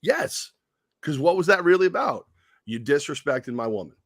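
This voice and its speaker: A man co-hosting a sports radio show in casual chat, animated, laughing often and repeating himself as he builds a point. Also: a little high, normal speed, no echo, clean studio sound.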